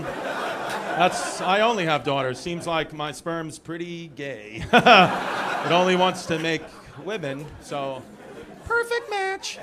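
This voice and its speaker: A man in his thirties with a New York accent doing rambling, brash stand-up crowd work on a theater stage, swearing and riffing with the audience. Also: on the high side. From Brooklyn. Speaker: stand-up comedian. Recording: live theater with loud crowd laughter.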